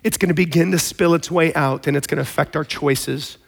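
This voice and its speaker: A man preaching a sermon in a conversational, storytelling way, with animated emphasis. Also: a little high, a little fast, gravelly, slightly rough. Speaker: pastor.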